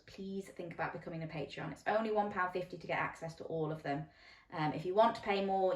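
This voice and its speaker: A woman reading a bedtime story to children, animated and coaxing, asking them questions. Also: lowish voice. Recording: roomy echo, mic at a distance.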